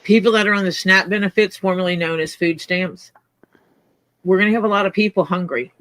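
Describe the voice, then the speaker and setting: Bright, high-voiced man with dry humor. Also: fairly even intonation, fairly quick. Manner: dry, joking storyteller. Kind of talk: casual chat.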